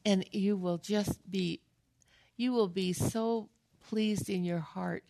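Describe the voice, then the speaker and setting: A woman's voice: mid-range voice, steady tone, takes it slowly, creaky, warm tone. An older woman giving a heartfelt devotional talk on scripture, earnest and emotional, repeating phrases for emphasis. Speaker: Bible teacher.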